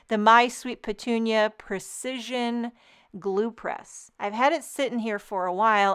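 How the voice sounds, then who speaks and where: A woman with a slightly high voice hosts a relaxed card-making tutorial. She chats warmly and eagerly, talking through each step as her hands stay busy. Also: clear, resonant tone. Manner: chatty and enthusiastic, explains steps as she works. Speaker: card-making channel host. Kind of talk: casual crafting tutorial.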